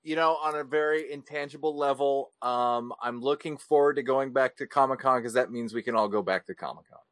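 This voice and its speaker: A man speaking as a podcast guest, reflective and measured, with some fillers. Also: medium pitch, a bit bright, no echo. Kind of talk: casual podcast chat.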